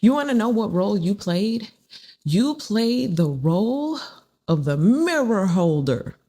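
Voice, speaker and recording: This tarot reader has a mid-range voice that swings widely in pitch, moving a little slowly with a mellow, slightly rough quality. Her reading is casual and spiritual, full of repeated phrases and little performances of the people she quotes.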